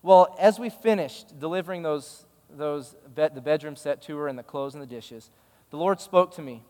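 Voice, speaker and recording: A man's voice: fairly high pitch, moderate pace, warm tone, in a large hall. A male pastor giving a sermon, telling a story in a conversational, emphatic way.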